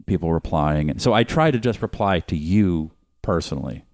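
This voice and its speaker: A man's voice: deep voice, lively intonation, normal speed, darkish tone, no room sound. A man co-hosting a casual podcast chat, ranting crankily about the things that annoy him. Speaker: podcast co-host.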